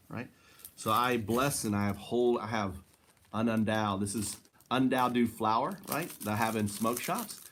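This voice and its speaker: Filming indoors on a handheld camera at home, this vlogger rambles casually in a fairly low, slightly bright voice. Laughter comes often, and he keeps ending sentences with "right?"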